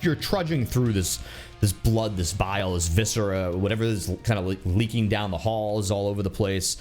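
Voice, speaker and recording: A man running a tabletop game as dungeon master, narrating scenes in a playful, lively storytelling manner. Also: on the low side, moderate pace, faint music behind.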